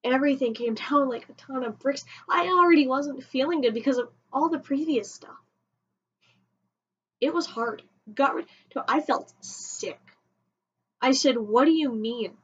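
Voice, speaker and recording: A woman telling a personal story on a vlog, emotional and halting, often restarting her sentences. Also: high-pitched, a bit bright. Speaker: vlogger. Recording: dull lo-fi home recording.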